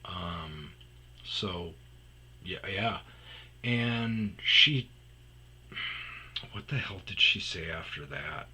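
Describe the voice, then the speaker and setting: A man with a husky, low voice tells a long personal story as a podcast host. His tone is tense and bright. He rambles along, drops into mumbles and picks the thread back up again. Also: expressive, extremely slow, pauses often, rough recording.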